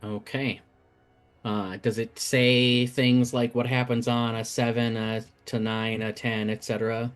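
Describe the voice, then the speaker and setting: A man running a tabletop game as game master, explaining rules and narrating in a measured way. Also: medium pitch, little pitch movement, clean tone, soft background music. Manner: measured, thinking aloud.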